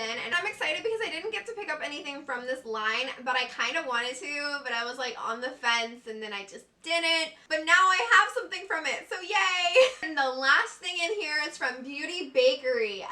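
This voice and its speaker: High-pitched girl vlogger gushing over makeup, roomy echo. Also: pushed and bright, recorded from a distance. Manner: gushing, effusive, giggly. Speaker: beauty vlogger. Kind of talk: excited unboxing vlog. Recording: echoey room, a bit off-mic.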